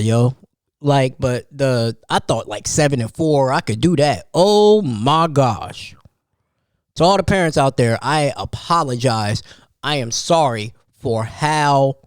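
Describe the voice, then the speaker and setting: A man's voice: mid-range voice, no echo. Man in his thirties, rambling, dry sound. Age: 30s. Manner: rambling animated storytelling with restarts. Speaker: podcast host. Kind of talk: casual solo podcast monologue.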